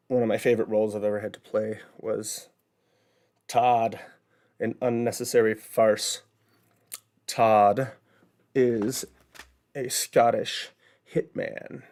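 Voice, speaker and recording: A man's voice: fairly low pitch, dark tone. A man hosting a casual livestream from home, chatting in a rambling way with plenty of fillers. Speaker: host. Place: home, building bricks.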